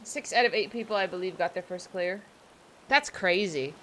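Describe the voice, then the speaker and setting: A woman's voice: lowish voice, normal speed, a bit bright, a little hiss or hum. A young adult woman streaming a game, chatting casually with viewers in a rambling, self-deprecating way. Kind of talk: casual livestream chat while playing.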